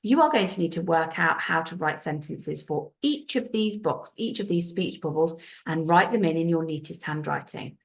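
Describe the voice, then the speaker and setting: A woman teaching a primary school French lesson on video, speaking clearly and patiently, with careful French pronunciation. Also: low-pitched, expressive, normal speed, hardly any pauses. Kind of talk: recorded classroom video lesson.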